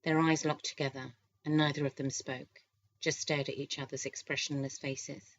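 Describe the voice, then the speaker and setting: Low-voiced woman reading a romance novel. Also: little pitch movement, normal speed. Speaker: audiobook narrator. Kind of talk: scripted narration. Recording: slightly dull lo-fi recording.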